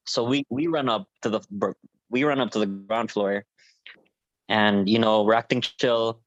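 A young man telling a story in a casual chat with friends, animated and swearing, acting out what people said. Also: lowish voice, moderate pace, no room sound. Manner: animated, swearing, acts out quotes. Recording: dull, dry lo-fi sound.

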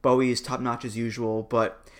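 A man's voice: medium pitch, level tone, fairly bright tone. Man, mid-range voice, wry, opinionated, casual podcast talk. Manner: wry, opinionated, quick to laugh. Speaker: podcast co-host. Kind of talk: casual chat.

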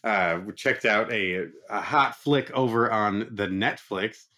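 A man co-hosting a movie podcast, reacting with quick exclamations and casual swearing. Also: on the low side, sharp tone. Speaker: podcast co-host. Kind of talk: casual chat.

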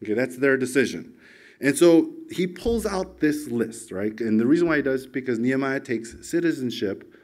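A man's voice: mid-range voice, expressive, moderate pace, darkish tone. A man preaching a conversational sermon, chatty and often asking the congregation questions. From United States. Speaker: pastor.

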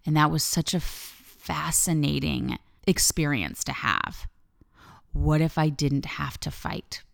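A woman's voice: low-pitched, takes it slowly, gravelly. A woman life coach hosting her podcast, giving a candid, reflective personal monologue and swearing freely.

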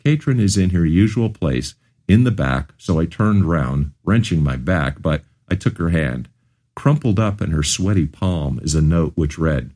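A man's voice: a bass voice, lively intonation, moderate pace, dark tone. A man narrating his own memoir as an audiobook, telling it earnestly in the first person.

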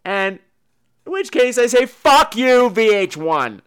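A man's voice: extremely high pitch, very animated, takes it slowly, fairly bright tone, clean tone. A man hosting a podcast, reviewing movies in a profane, sarcastic comedic rant. He swears freely and mimics the people he talks about. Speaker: podcast host reviewing films.

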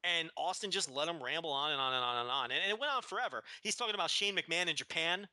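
A man's voice: fairly high pitch, expressive, quick pace, sharp tone, no room sound. A man co-hosting a podcast, ranting animatedly in casual chat with frequent swearing. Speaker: podcast co-host. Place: living in the American South.

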